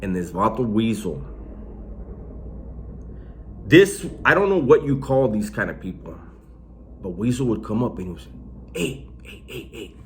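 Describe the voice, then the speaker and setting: Animated man telling prison stories. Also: lowish voice, a little slow, long pauses, a little hiss or hum. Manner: animated, slangy, swears freely. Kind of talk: casual storytelling.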